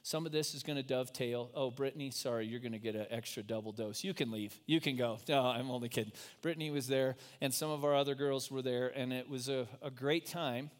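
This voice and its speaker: A man's voice: medium pitch, steady tone, brisk, hardly any pauses. A man preaching a sermon in a casual, joking, conversational way to his congregation in church. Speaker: pastor.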